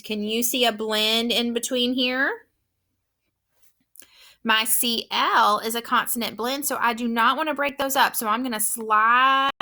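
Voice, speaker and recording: A woman teacher giving a slow, clear, encouraging phonics lesson to children. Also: on the high side, sharp tone.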